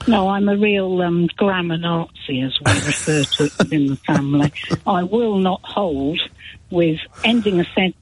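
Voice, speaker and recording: A woman's voice: on the low side, moderate pace, husky. A female caller, a former teacher, chatting emphatically on a phone-in. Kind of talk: phone-in chat. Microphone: telephone. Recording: tinny phone line.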